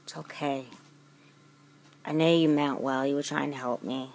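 A woman's voice: rumbling low, fairly even intonation, moderate pace, gravelly, a little mellow. A woman voicing a teenage girl who teases her friend and then apologizes in a giggly, sorry way. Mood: apologetic. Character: teasing teen girl, giggly but apologetic.

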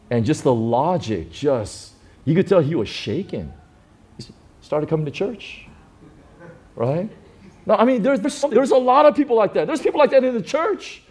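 A middle-aged pastor preaching a sermon, telling stories with big swings from quiet and low to loud and high. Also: male voice, very animated, normal speed, breathy edge.

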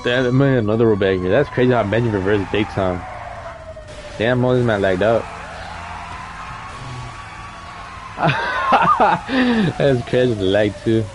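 A man's voice: lowish voice, fairly quick, noisy background. A young man hosting a live game car meet, talking in loose slang and calling players in by name. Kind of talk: casual live-stream commentary.

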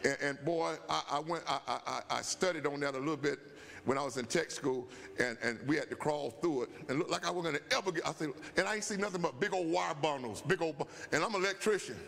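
Older man preaching, gravelly and bright. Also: a little high, fast. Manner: storytelling preacher, rising to shouts. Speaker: bishop and pastor. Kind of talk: Bible study preaching. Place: church sanctuary. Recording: long church-hall reverb.

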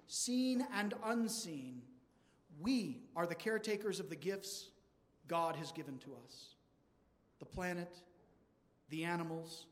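A man preaching a sermon in a church, asking rhetorical questions again and again. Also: high voice. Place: large church. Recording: long church reverb.

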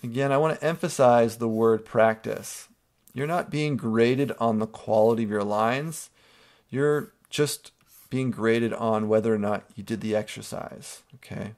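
A man with a gravelly, creaky edge to his voice, pitched at an ordinary middle height for a man. He talks a class through a drawing exercise one step at a time, stopping often to check in with an "okay?". It sounds like a teacher's screen-recorded tutorial. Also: a little slow, a little mellow. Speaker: art teacher.

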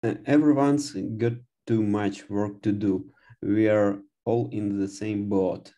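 A man's voice: fairly low pitch, steady tone, slow pace, warm tone. A man learning English, answering hesitantly with many fillers. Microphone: video call.

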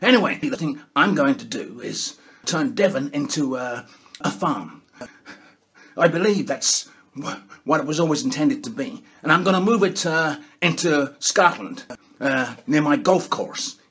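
A man's voice: fairly high pitch, expressive, unhurried, fairly bright tone, breathy edge, exaggerated voice. A man doing a comic impression of a boastful, bossy male world leader who keeps tacking "okay?" onto his lines. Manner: bragging, bossy, repeats "okay?".

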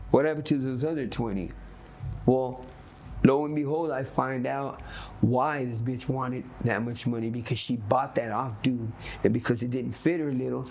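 A man's voice: medium pitch, darkish tone, a little hiss or hum. A man, telling his stories bluntly and profanely in an interview, often asking "you know what I mean". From Los Angeles. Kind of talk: candid storytelling interview.

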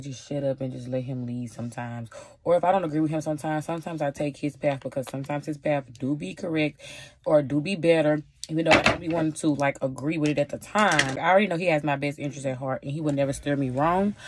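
A woman's voice: deep voice, darkish tone. A woman in her twenties giving casual advice in a chatty, sassy vlog, talking straight to her viewers with plenty of slang. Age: 20s. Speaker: vlogger.

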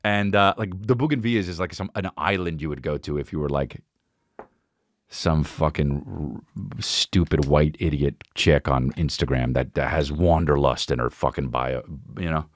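A man hosting a podcast, telling a comic story in an animated, rambling, profane way. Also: a bass voice, normal speed, no room sound, clean studio sound. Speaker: podcast host.

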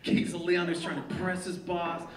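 A man telling a personal story live on a theater stage, animated and profane, laughing at his own tale. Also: high voice, normal speed. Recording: echoey live theater sound, mic from a distance. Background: audience laughter and room ambience.

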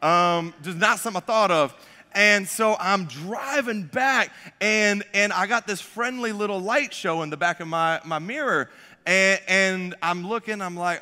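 Young male pastor, high bright voice, casual self-deprecating storyteller, church hall reverb. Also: moderate pace. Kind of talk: sermon. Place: church sanctuary.

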